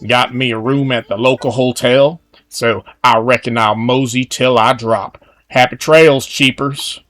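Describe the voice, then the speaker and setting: A man's voice: mid-range voice, fairly even intonation, a little slow, fairly bright tone, close to an everyday voice. A man voicing a folksy male horse villager from a cartoon life-sim game, reading the dialogue in a drawling Western cowpoke manner.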